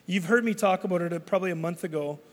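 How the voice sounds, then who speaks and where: A man's voice: high voice, racing, in a large hall. A man preaching a sermon, telling a personal story in a loose, conversational way with frequent restarts. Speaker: pastor.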